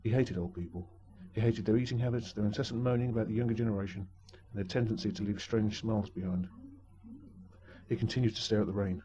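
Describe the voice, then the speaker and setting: With a low, dark voice and fairly even intonation, a man tells a story quickly with dry, wry humor. The recording sounds dull and muffled.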